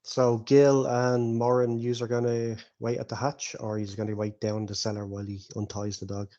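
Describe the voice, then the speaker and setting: A man's voice: mid-range voice, flat delivery, moderate pace, mellow, dull audio. A man acting as game master, casually narrating the scene and asking players for dice rolls. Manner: casual, explains rules and scene loosely.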